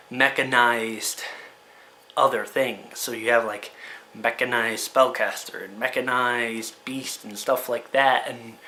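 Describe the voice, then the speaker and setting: Fast-talking, exasperated man ranting. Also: medium pitch, sharp tone, slight background noise. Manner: exasperated, rapid-fire rhetorical questions; talks fast in bursts. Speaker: card game video creator. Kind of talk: casual opinion rant to camera.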